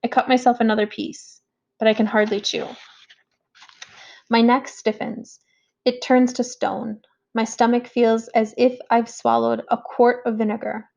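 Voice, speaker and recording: A woman reading a first-person story aloud as an audiobook narrator, in a measured, reflective way. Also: on the high side, level tone, vocal fry, darkish tone, poor audio.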